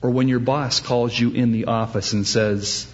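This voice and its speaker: A pastor delivers a sermon with animation, acting out the voices of those he quotes. His pitch is medium and his speed normal, though the recording sounds muffled.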